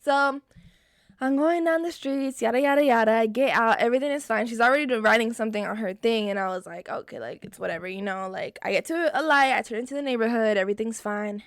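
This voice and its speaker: A young woman vlogger telling a storytime in casual, expressive chat, often swearing. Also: a little high, fast talker, no room sound, clean studio sound. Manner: animated, expressive and profane.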